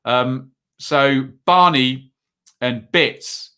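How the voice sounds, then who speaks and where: A man's voice: mid-range voice, extremely slow, pushed and bright, smooth. A man hosting a casual football preview livestream, chatty and reading viewer comments aloud with lots of filler words.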